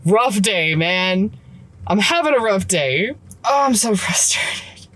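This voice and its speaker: A woman and mom venting her frustrations in a casual vlog from her car, swearing often, recorded on her phone. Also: mid-range voice. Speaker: vlogger and mom. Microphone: phone camera.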